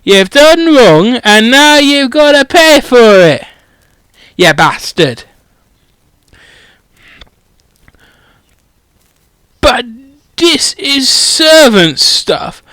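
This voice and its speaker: A man's voice: very high voice, big pitch swings, slow pace, sharp tone, smooth, no room sound, voice pushed up, heavily acted. Brief: foul-mouthed pub-loving giant, played by a man, blunt and rambling, bouncy delivery. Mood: fierce. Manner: swears constantly, rambling and blunt.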